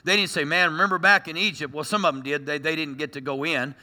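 A man preaching in a high voice that rings very bright and sharp. He delivers a sermon to his congregation with lively energy and slips joking asides between his points. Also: quick pace, long reverb tail. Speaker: pastor.

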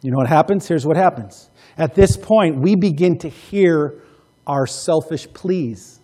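A male pastor preaching a sermon, emphatic, repeating key phrases and swinging between loud passages and hushed ones. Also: on the high side, a little slow.

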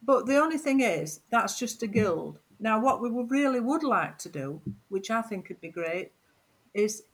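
Yorkshire woman host, chatty interviewer, slightly high voice. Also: animated, normal speed, husky, rough recording. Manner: chatty, asks questions. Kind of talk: casual radio chat.

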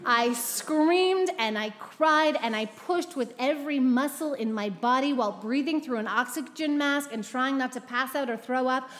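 A Canadian woman in her thirties telling a funny personal story on stage, animated and self-mocking, with quick comic asides. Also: high-pitched, big-room sound. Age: 30s. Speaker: storyteller at a live event.

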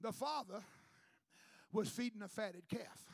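A man preaching a sermon to his congregation, building to shouted climaxes and calling for a response. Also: high voice, measured pace, vocal fry, no room sound. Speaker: pastor.

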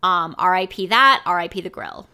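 A woman's voice: lowish voice, normal speed, pushed and bright, clear, resonant tone. A woman co-hosting a podcast in casual chat, rambling and swearing freely with lots of "like.". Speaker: podcast co-host.

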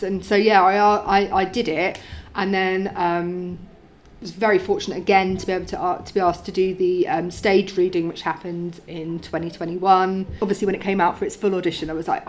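A woman's voice: mid-range voice, flat delivery, brisk, a little hiss or hum. A woman actor in an interview, talking eagerly about her part with frequent restarts. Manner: enthusiastic, many restarts. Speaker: lead actor. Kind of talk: casual interview.

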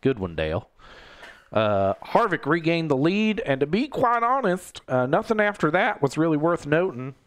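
A man's voice: a little high, sing-song, normal speed, dry recording, voice pushed up. A man doing a jokey impression of a middle-aged male racing commentator, rambling through a race recap.

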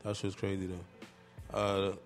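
A man's voice: deep voice, monotone, unhurried, soft background music. A man on a radio show talking casually as the guest, laid-back and slangy, rambling a little. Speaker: guest producer. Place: radio studio.

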